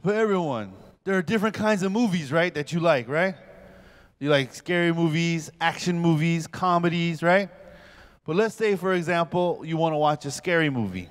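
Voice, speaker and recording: A man in his forties, a pastor giving a humorous lecture at a youth camp, telling stories in an animated comic way and acting out scenes. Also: a little high, normal speed. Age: 40s.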